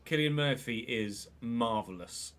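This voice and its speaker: A man with a cough, streaming a football game and commentating live, excitable and swearing freely while chatting to viewers. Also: medium pitch, unhurried. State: unwell, coughing. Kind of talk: live gameplay commentary and casual chat.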